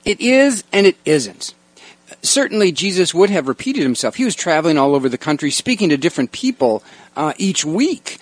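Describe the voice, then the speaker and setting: A man's voice: on the high side, sing-song, normal speed, no room sound. A male pastor leading a Bible study discussion, explaining verses reflectively with frequent restarts.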